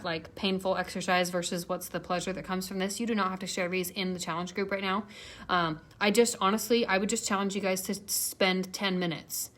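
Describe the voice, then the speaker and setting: A woman coaching a fitness challenge group, giving a chatty, encouraging motivational talk to camera and repeating phrases for emphasis. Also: mid-range voice. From Arizona.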